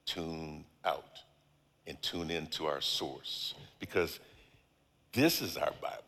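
A man's voice: very deep voice, slow, fairly bright tone. A middle-aged male guest preacher leading a congregation through declarations in a sermon, drawing out his words for emphasis. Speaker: guest speaker. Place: large church hall. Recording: long hall reverb.

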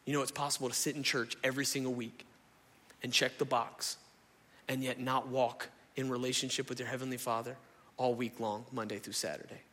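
Animated preacher in a hall. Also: male voice, mid-range voice, a little fast. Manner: animated, conversational preaching, addresses crowd as y'all. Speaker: pastor. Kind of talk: sermon. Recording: echoey hall.

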